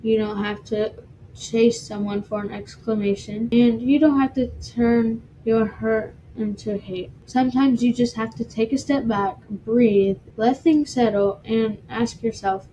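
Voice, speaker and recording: A woman's voice: fairly high pitch, steady tone, a little slow, dark tone, a little hiss or hum, low-quality recording. A woman hosting her own podcast, talking through a personal story in a heartfelt, self-described dramatic way. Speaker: podcast host. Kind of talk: solo podcast monologue.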